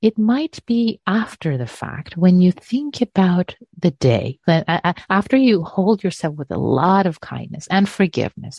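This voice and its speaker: A woman meditation teacher answering a question in a gentle, soothing talk, repeating words and trailing off. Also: fairly low pitch, sing-song, unhurried, creaky, few pauses, husky, no room sound.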